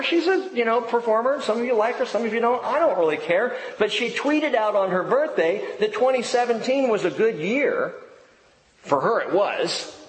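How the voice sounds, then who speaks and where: A man's voice: sits high, echoey room, long reverb tail, slight background noise, low-quality recording. A middle-aged man, a pastor preaching a sermon with jokes and family stories.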